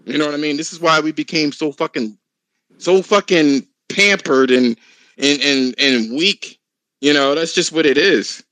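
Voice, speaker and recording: A man hosting a casual podcast chat, talking in an animated, profane, ranting way. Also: a little high, normal speed, no echo, rough recording.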